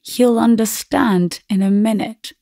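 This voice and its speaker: A woman voicing a gentle, fussy middle-aged aunt in a storybook reading, speaking brightly. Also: fairly high pitch, steady tone, a little slow, gravelly, no room sound, studio quality. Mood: coaxing.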